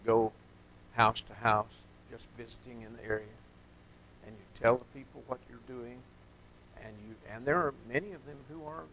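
A man's voice: mid-range voice, fairly bright tone. A man teaching an informal Bible study, talking conversationally with many fillers and questions to his listeners. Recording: dull lo-fi recording.

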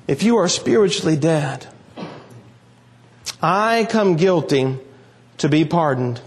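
Brief: male preacher, higher-pitched voice, earnest and emphatic, reads scripture then preaches. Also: lively intonation. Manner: earnest, emphatic preaching with slow dramatic pauses. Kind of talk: sermon with scripture reading.

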